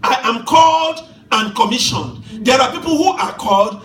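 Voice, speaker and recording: Fervent high-voiced preacher in an echoey hall. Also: male voice, lively intonation, moderate pace, a crowd in the background. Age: 50s. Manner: fervent preaching, shouting to soft, laughs through stories. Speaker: pastor. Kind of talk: sermon. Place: church hall. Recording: echoey church hall from far off, with music.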